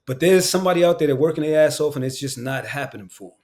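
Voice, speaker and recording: A man's voice: fairly high pitch, very fast, a little mellow. A man from Queens, an actor and voice actor talking as a guest on a casual podcast, candid and emphatic, with lots of slang and swearing. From Queens, New York.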